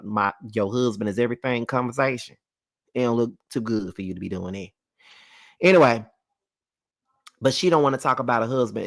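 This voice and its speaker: A man hosting a casual live recap of a reality show, animated and profane, talking back at the people on screen. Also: mid-range voice, gravelly.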